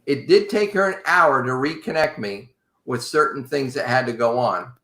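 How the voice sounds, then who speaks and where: A man casually telling a long travel story to a podcast host in an animated, wry way. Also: medium pitch, normal speed. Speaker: podcast guest. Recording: roomy echo.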